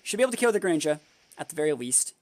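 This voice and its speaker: A man's voice: on the high side, very animated, very fast, darkish tone, no echo. A young man thinking aloud through a competitive match, analyzing his opponent's moves, with frustrated outbursts at times. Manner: analytical, muttering strategy to himself, then bursting into exasperated outbursts. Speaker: competitive game player and video creator. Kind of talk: thinking-aloud gameplay commentary.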